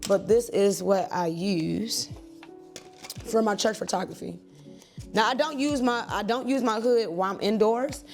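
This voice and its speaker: A woman in her thirties, a church and wedding photographer, chatting to camera at home in a lively, rambling way. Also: mid-range voice, unhurried, soft background music. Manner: chatty, animated, digressive. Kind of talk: casual talk to camera.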